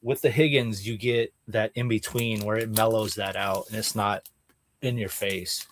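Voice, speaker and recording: In casual comic-book talk on a podcast, this co-host's voice runs on the low side with fairly even intonation at normal speed. He explains details eagerly, dropping "like" and "dude" throughout. Slight background noise is audible.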